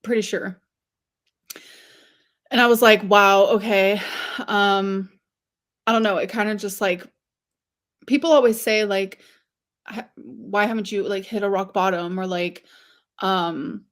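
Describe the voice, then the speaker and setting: A woman's voice: mid-range voice, fairly even intonation, measured pace, long pauses, fairly bright tone. A woman chatting casually to viewers on a livestream, rambling with lots of fillers and giggles.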